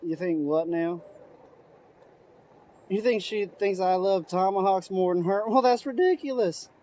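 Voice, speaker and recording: A man's voice: high-pitched, unhurried, mellow. A man hosting a comedy skit, talking in a hesitant, stammering and subdued way. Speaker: host. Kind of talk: comedy skit, phone call.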